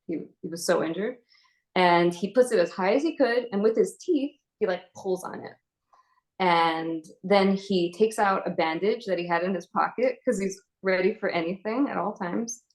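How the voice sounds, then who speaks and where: A young adult woman giving an earnest personal testimony as an inspirational speaker, retelling events in a halting way with fillers. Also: fairly low pitch, low-quality recording.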